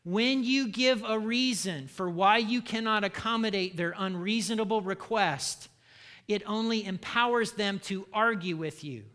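Bright, high-voiced preaching man. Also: a little slow. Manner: punchy, humorous preaching with call-and-response. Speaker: pastor. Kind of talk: sermon.

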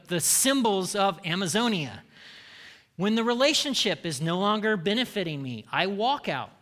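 A man's voice: sits high, pushed and bright. An American man preaching a conversational sermon as a pastor, teasing and joking with his congregation. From United States. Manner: conversational, playful, teasing the audience. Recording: long hall reverb.

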